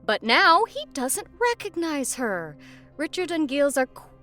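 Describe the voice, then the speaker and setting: A woman co-hosting a casual film podcast, her pitch swinging widely as she moves through a plot summary. She keeps interrupting herself with dry, teasing remarks. Faint music sits under the talk. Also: very animated, measured pace, a bit bright. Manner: wry, teasing asides while summarizing. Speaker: podcast co-host. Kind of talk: casual podcast chat and synopsis reading.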